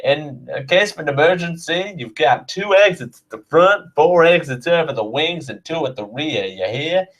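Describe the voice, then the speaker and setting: A man's voice: fairly high pitch, animated, fairly bright tone, distant mic, voice pushed up. A man doing a drawling Southern air hostess. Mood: chirpy. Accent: put-on Southern US drawl. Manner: sing-song, drawn-out safety spiel.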